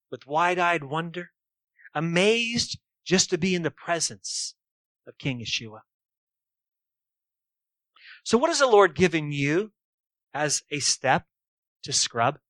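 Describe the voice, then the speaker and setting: A man's voice: high voice, expressive, slow, long pauses, fairly bright tone, no echo. A man preaching a sermon emphatically, often posing rhetorical questions to his listeners.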